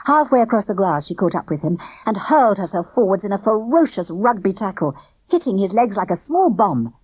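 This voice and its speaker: Lively woman reading a children's book. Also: medium pitch, fairly quick, breathy edge, no room sound, low-quality recording. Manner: expressive, lively storytelling. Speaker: audiobook narrator. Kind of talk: scripted children's book narration.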